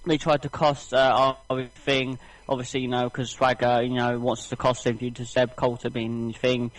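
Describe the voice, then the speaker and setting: A man's voice: medium pitch, level tone, moderate pace, rough recording. A tired, slightly ill man recapping wrestling on a casual podcast, rambling with many fillers and restarts. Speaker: podcast co-host.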